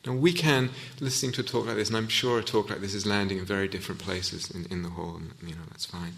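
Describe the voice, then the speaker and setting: A man's voice: lowish voice, steady tone, quick pace, creaky, a bit bright. A man giving a reflective Dharma talk as a meditation teacher in a hall, often restarting and searching for words.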